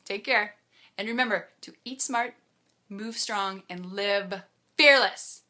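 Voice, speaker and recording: Bubbly woman with a bright voice. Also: mid-range voice, takes it slowly. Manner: bubbly, laughs often, chatty. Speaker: triathlete vlogger. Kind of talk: casual vlog recap.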